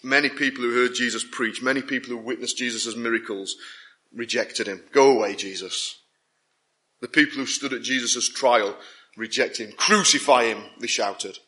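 Man, preacher, sermon, emphatic repetition, bright forceful voice. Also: medium pitch, fairly even intonation, normal speed. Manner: emphatic, repetitive build-ups with rising intensity.

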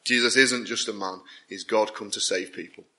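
Emphatic male preacher, bright tone. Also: lowish voice, steady tone, normal speed. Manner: emphatic, repetitive build-ups with rising intensity. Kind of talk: sermon.

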